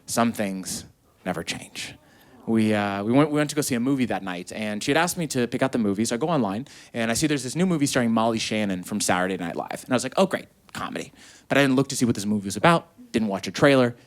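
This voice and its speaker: A man doing a stand-up comedy set on stage, telling stories animatedly and acting out quotes in high voices. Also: lively intonation, very fast, few pauses. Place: comedy stage before a live audience.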